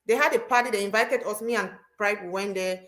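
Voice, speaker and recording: A woman telling stories in casual chat as a host, animated and often repeating herself. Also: mid-range voice, brisk. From Cameroon.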